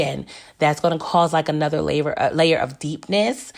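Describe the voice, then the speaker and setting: A woman's voice: low-pitched, moderate pace, gravelly. A woman recapping a TV episode in casual chat, chatty and laughing, talking straight to her viewers. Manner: chatty, animated asides to viewers, laughs often. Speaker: TV recap vlogger.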